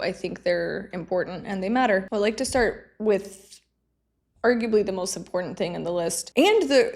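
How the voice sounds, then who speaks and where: A young woman chatting casually to camera, rambling and self-deprecating, often breaking into laughter. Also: mid-range voice. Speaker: vlogger.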